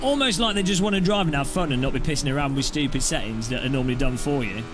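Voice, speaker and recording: A man's voice: mid-range voice, animated, fast, music in the background. A man giving casual, jokey commentary over his sim racing gameplay and laughing often.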